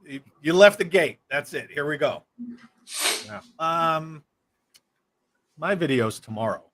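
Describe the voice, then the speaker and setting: A man hosting a casual livestream chat with an upbeat, joking manner. His voice sits a little high and bright. His pitch swings widely as he talks. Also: lively intonation, unhurried. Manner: upbeat, playful banter. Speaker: podcast host.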